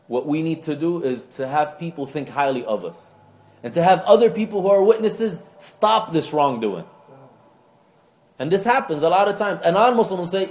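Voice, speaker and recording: A man preaching a sermon to a live audience, telling stories with acted-out voices and reciting Quranic Arabic rapidly. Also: a little high. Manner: animated storytelling with acted-out voices. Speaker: imam.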